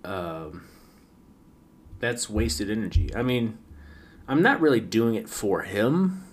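A man hosting a late-night solo podcast, rambling wryly with frequent stammered restarts. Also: lowish voice. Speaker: podcast host.

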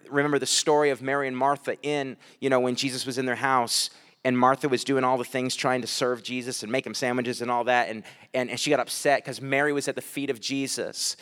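A man's voice: medium pitch, fairly bright tone, in a large hall. A man preaching a sermon, reading scripture aloud and breaking off with light, chuckling asides to the congregation. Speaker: pastor.

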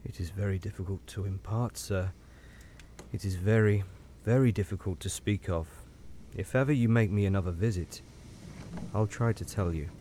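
A man voicing a troubled, grave railway signalman who speaks low, hushed and halting, in an audiobook reading. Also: a little hiss or hum, natural voice. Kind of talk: audiobook character voice.

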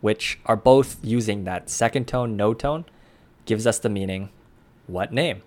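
A man co-hosting a language lesson, explaining pronunciation in a clear, methodical way. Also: fairly low pitch, animated, normal speed, darkish tone. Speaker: language podcast co-host.

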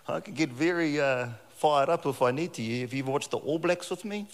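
A middle-aged man preaching a sermon in a church hall on a handheld mic, joking and telling animated stories. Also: a little high, measured pace. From New Zealand. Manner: jokey, animated storytelling with frequent laughs.

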